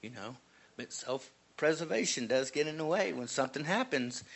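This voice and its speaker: A man's voice: fairly high pitch, expressive, normal speed, creaky. A man in a church group offering a comment, hesitant and full of fillers. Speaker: congregation member. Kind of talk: casual comment in group discussion.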